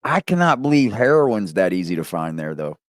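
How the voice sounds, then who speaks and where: A man hosting a live reaction stream, talking loudly and profanely in an animated way. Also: fairly low pitch, brisk, no echo, clean studio sound, soft background music.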